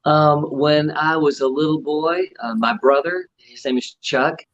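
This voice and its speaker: A man's voice: a little high, measured pace. Chatty man on lo-fi audio. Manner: relaxed, chatty, with fillers. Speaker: ventriloquist guest. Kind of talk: casual interview storytelling. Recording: dull lo-fi audio.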